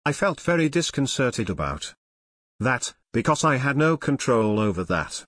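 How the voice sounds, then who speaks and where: A man reading nonfiction narration in a measured, serious way. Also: mid-range voice, very animated, a bit bright, breathy edge, no echo, clean studio sound. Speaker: audiobook narrator.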